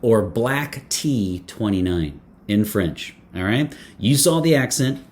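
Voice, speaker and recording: A man's voice: on the low side, animated, takes it slowly, a little mellow. A man reviewing a fragrance in casual talk to camera, playful and chatty, with many fillers, restarts and joking asides.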